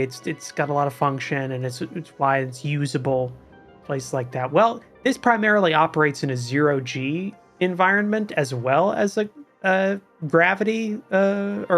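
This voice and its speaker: Male game master, slightly high voice. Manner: relaxed, explains at length with restarts. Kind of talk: running a tabletop role-playing game.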